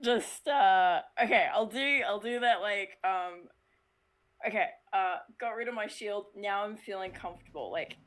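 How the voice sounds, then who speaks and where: A woman's voice: mid-range voice, measured pace, fairly bright tone. A woman playing a tabletop game, hesitant with many ums and easy giggles. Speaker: player.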